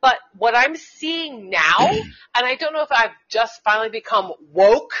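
A woman's voice: fairly high pitch, expressive, unhurried, a bit bright. Heated, rambling woman on lo-fi radio. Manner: heated, rambling, many restarts and swearing. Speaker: co-host; schoolteacher. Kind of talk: casual political talk. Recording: dull lo-fi internet radio sound.

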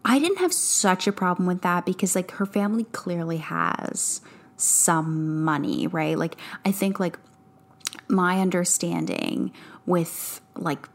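A woman talks through a novel with her co-host in a loose, casual way. Her voice sits a little low, and she fills her sentences with fillers and false starts. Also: lively intonation, slow pace, vocal fry. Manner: chatty, loose, full of fillers and restarts. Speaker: podcast co-host. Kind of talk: casual book discussion.

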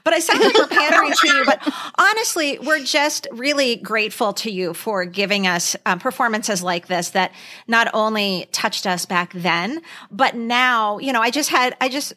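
A woman's voice: fairly high pitch, animated, normal speed, sharp tone. A woman in her fifties co-hosting a podcast, chatting casually and telling stories in an effusive, gushing way. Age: 50s. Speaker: podcast co-host. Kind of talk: casual chat.

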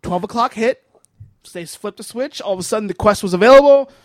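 A man's voice: sits high, brisk, no room sound, clean studio sound. A young man appearing as a guest on a casual podcast, chatting eagerly and easily.

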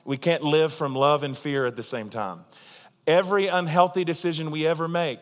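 Male pastor, mid-high voice, emphatic and conversational sermon delivery, long hall reverb. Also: moderate pace. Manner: earnest, emphatic, conversational preaching with frequent asides.

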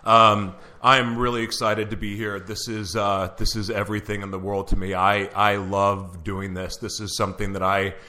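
A man's voice: fairly low pitch, level tone, brisk, hardly any pauses, sharp tone. Giddy, emotional male radio host. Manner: giddy, emotional, stumbling over the intros. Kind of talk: live online radio show opening. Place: studio.

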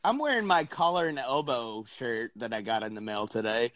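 A young man co-hosting a casual podcast chat, animated, swearing freely and laughing often. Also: mid-range voice, normal speed, no echo. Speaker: podcast co-host.

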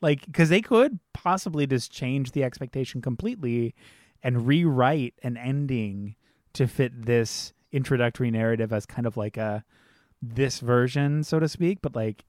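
A mid-pitched male voice, recorded close and dry. He muses in a reflective way, hedging his points with a few restarts and the odd wry, sarcastic remark. The delivery is casual. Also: moderate pace, darkish tone, dry recording. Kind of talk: casual film discussion.

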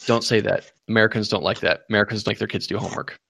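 A man hosting a prank-call show, talking fast and teasing, with profanity. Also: fairly low pitch, steady tone, creaky, background noise. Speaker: host. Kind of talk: casual chat.

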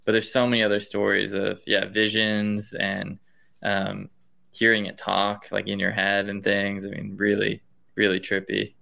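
A man's voice: on the low side, monotone, measured pace, gravelly, pushed and bright. A man, a guest on a casual podcast, telling stories with many "like" and "um" fillers. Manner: fills with "like" and "um". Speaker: guest professor. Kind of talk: casual chat, storytelling.

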